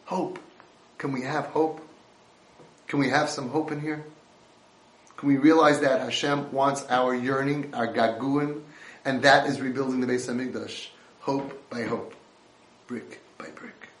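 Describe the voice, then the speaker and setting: A man's voice: medium pitch, fairly even intonation, a little slow, long pauses, reverberant. A man giving an impassioned Torah lecture, mixing in Hebrew and Yiddish terms.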